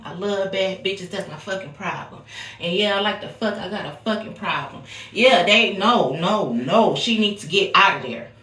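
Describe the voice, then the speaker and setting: A woman's voice: mid-range voice, moderate pace, pushed and bright, reverberant, a little hiss or hum. An American woman giving a casual psychic reading, talking bluntly and profanely with a sing-song refrain. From United States. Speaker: psychic reader. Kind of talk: casual intuitive-reading vlog.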